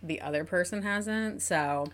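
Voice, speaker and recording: A woman's voice: on the low side, measured pace. A woman co-hosting a casual podcast, telling dating stories animatedly, giggling often and full of fillers. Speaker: podcast co-host.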